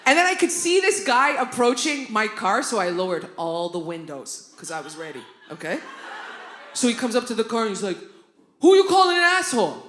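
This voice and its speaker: Animated woman doing stand-up in a roomy club. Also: medium pitch, moderate pace. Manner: animated, loud outbursts, constant "right?" and "you know what I mean?". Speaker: stand-up comedian. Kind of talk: stand-up routine. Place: comedy club stage. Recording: roomy live club recording with noise.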